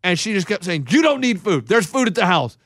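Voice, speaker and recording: A man's voice: high-pitched, fairly quick, no room sound, studio quality. A man co-hosting a casual talk show, telling a funny story and acting out what people said. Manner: animated storyteller who acts out quotes. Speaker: podcast co-host.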